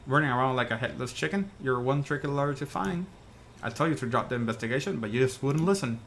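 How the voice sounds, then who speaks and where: A man's voice: mid-range voice, quick pace, gravelly, fairly bright tone, slight background noise. A man voicing a menacing male villain from a game, with a sneering, taunting manner.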